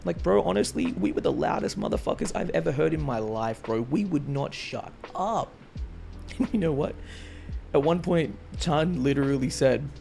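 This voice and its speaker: A man in his twenties chatting excitedly and casually as a vlogger, full of slang like bro and dude. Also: a little high, normal speed, vocal fry, soft background music. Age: 20s. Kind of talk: casual chat.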